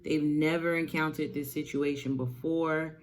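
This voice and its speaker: A woman vlogger retelling a story in an animated, slangy way, cursing for laughs. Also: low-pitched, unhurried.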